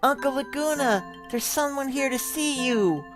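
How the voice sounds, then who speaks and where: A man voicing a sweet, clingy little girl from a video game in a high squeaky childlike voice, recorded on a close mic. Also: normal speed, over music. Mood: pleading. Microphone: close mic with popping.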